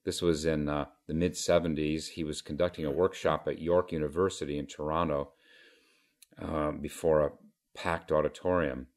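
A man giving a Zen dharma talk as teacher, in a measured, halting way with many pauses and fillers. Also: very deep voice, little pitch movement.

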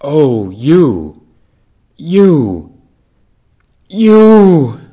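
A man's voice: fairly high pitch, big pitch swings, extremely slow, husky, voice pushed up, heavily acted. A man doing a lovesick young suitor, pleading. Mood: crying out. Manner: pleading, emphatic. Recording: dull lo-fi recording.

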